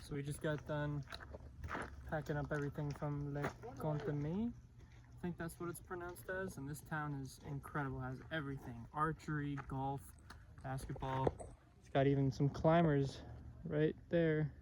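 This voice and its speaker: A young man narrating his hiking trip in a relaxed, upbeat, chatty way, filmed outdoors on a mountain trail with a handheld camera. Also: on the high side, normal speed. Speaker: hiker filming his own trip. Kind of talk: casual vlog narration. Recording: noisy outdoor camera audio.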